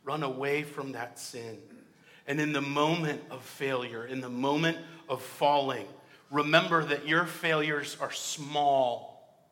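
A young man preaching a sermon with passion, moving between hushed and loud. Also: mid-range voice, steady tone, slow. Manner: impassioned, swinging from hushed to loud. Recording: long hall reverb.

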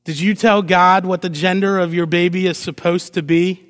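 High-pitched guy preaching, lots of rhetorical questions, playful acted-out quotes, long echo like a big church. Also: fairly even intonation, moderate pace. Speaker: pastor. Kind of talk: sermon. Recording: long hall reverb.

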